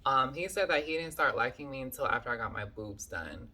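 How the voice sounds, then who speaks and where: A woman's voice: a bass voice, expressive, brisk, bright, forceful tone, slight background noise. A woman telling a story to her viewers in a casual vlog, chatty and full of fillers, often calling them y'all. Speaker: vlogger.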